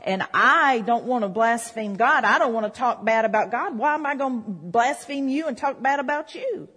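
A woman's voice: fairly high pitch, expressive, moderate pace, fairly bright tone, husky. A woman preaching a sermon in a church, talking conversationally with the congregation. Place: church hall. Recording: reverberant hall.

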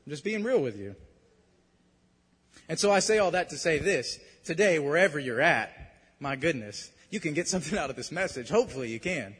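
A young man preaching a sermon, talking earnestly and conversationally, then suddenly building to loud emphasis. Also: a little high, animated, a little fast, husky, big-room sound.

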